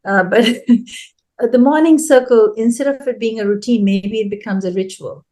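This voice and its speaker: A woman's voice: fairly high pitch, moderate pace, dark tone. A woman guest in an interview, an early childhood education consultant explaining her advice earnestly and repeating key phrases for emphasis.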